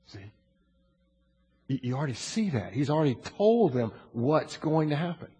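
A man's voice: a little high, very animated, moderate pace, warm tone, husky. An older man preaching a sermon in a conversational way, often restarting his sentences and adding asides, in a large church. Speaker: pastor. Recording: long hall reverb.

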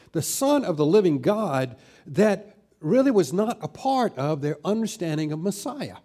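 A middle-aged man preaching a sermon as pastor, slowing down and growing louder when he stresses scripture. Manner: slows down and rises in pitch and volume when stressing scripture.

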